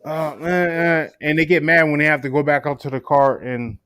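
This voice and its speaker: A man's voice: fairly high pitch, fairly even intonation, a little fast, a bit bright, dry recording, clean studio sound. A man co-hosting a casual talk show, telling workplace stories in a laid-back, swearing way and acting out customers. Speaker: podcast co-host. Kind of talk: casual chat. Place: works at a gas station in New York City.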